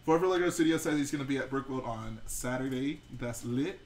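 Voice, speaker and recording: A man hosting a live stream, reading out viewer comments and bantering casually with a co-host. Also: mid-range voice. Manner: reads out viewer comments, quick back-and-forth. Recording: distant mic with faint room noise.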